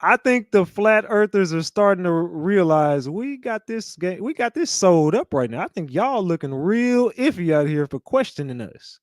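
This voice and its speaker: A man hosting a casual reaction commentary, excitable and profane, calling out to viewers as y'all. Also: high-pitched, normal speed, few pauses, no echo, clean studio sound. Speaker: host reacting to clips.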